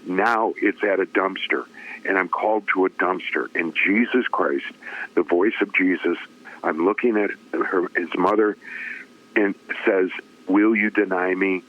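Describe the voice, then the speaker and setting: A man's voice: low voice, a little slow. Man telling his story over a tinny phone line. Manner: dramatic storyteller who acts out quoted voices; emotional, voice rising with feeling. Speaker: interview guest, former radio personality. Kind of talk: personal testimony in conversation.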